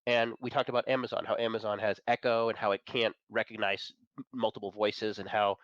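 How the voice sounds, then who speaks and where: Fast-talking opinionated man on a dull line. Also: on the low side, little pitch movement, no echo. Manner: fast, enthusiastic, opinionated, chuckles between points. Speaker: guest, managing editor of an entertainment and tech site. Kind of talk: casual chat.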